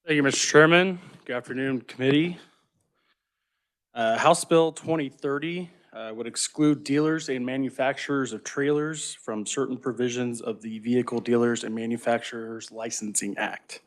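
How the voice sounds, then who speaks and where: A man's voice: medium pitch, steady tone, normal speed. A man serving as legislative revisor, giving a formal, methodical briefing on a bill into a table microphone in a committee room.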